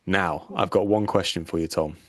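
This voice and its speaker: Cheeky low-voiced man. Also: steady tone, moderate pace, dry recording, studio quality. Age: 30s. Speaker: podcast co-host. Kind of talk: casual banter.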